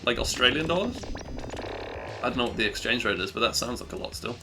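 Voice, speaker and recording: A man's voice: fairly low pitch, fairly even intonation, very fast, over music. Rambling man streaming a game. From Britain. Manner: rambling, self-deprecating, chatty. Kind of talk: casual live-stream chatter while gaming.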